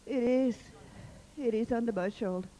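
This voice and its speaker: A woman taking part in a seminar exercise, speaking in halting, pained bursts. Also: a little high, mellow. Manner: halting, pained, often groaning. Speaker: seminar participant. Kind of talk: emotional release exercise. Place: seminar hall. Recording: seminar tape with long hall reverb.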